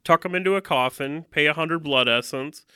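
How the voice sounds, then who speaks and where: A man's voice: a little high, moderate pace, sharp tone, clear, resonant tone, no echo, clean studio sound. A man co-hosting a casual chat about a game, joking and acting out scenes. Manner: joking, acts out scenes with funny voices. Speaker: podcast co-host.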